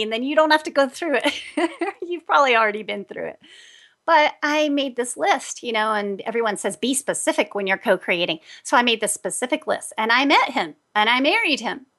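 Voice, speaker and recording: A woman hosting an advice talk, telling personal stories in an animated way and laughing often. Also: high-pitched, brisk. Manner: animated, laughs often, acts out quoted voices. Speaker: host, energy healer.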